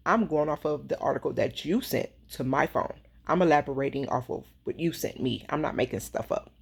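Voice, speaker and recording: A woman's voice: low voice, fairly quick, vocal fry, husky. Worked-up woman venting commentary. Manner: heated, worked up, emphatic repetition. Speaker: social media commentator. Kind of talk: casual commentary monologue.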